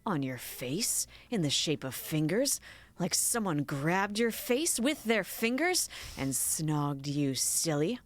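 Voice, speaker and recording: A woman's voice: low voice, very animated, takes it slowly, heavily acted. Woman doing a wry, drawling young man. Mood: teasing. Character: sardonic, joking young man roommate.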